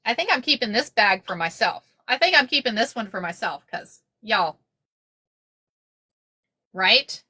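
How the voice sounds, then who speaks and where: A middle-aged woman hosting a craft livestream, chatting casually and excitedly while sewing, often repeating herself and calling out to viewers. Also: mid-range voice, a little slow, pauses often.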